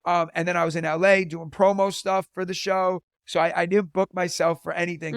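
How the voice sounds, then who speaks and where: A man in his thirties talks easily as an interview guest, spinning stories with a high voice and a steady stream of "like" fillers. The sound is dry and close, with no room around it. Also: fairly quick, clear, resonant tone, no room sound. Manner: chatty storyteller, lots of "like" fillers. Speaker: podcast guest, teacher and comedian. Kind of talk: casual interview chat.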